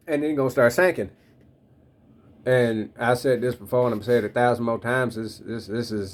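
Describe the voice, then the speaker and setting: A man in his thirties reflecting on faith in a loose, slangy, rambling way, talking straight to his listeners. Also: medium pitch. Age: 30s. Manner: addresses listeners directly. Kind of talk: casual spoken reflection on faith.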